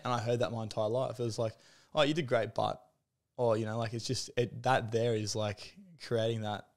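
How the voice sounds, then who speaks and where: A man's voice: medium pitch, steady tone, normal speed. A man in his thirties, speaking as a podcast guest in candid, conversational storytelling; he talks frankly, swears freely and leans on "like" and "you know". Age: 30s.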